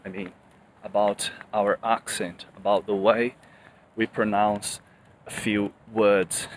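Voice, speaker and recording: A young man from Brazil with a Brazilian Portuguese accent, talking to camera in a casual vlog, slow and deliberate, often rephrasing himself with fillers. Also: lowish voice, little pitch movement, a little hiss or hum, poor audio. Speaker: vlogger. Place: room in Australia.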